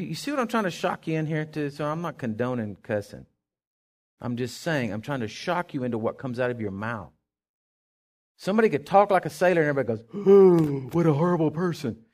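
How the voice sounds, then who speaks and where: A male pastor preaching a sermon, swinging from hushed asides to loud, fervent declarations. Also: fairly high pitch.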